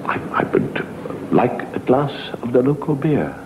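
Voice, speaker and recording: A man voicing a polite, proper traveller who speaks in a courteous, measured way. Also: medium pitch, big pitch swings, pitched above the performer's own voice. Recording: dull hissy old TV recording.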